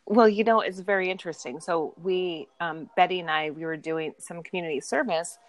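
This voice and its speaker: A woman's voice: lowish voice, brisk, no echo, rough recording. A woman chatting on a podcast as a guest, telling stories and acting out the people in them. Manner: animated storyteller, acts out quoted friends. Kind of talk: casual chat.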